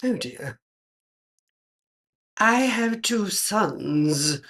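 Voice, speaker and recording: Voicing the ghost of an elderly actress from England, a woman sounds dry, clipped, and tartly unimpressed in her English accent. She speaks a little slowly, with a lowish, expressive voice.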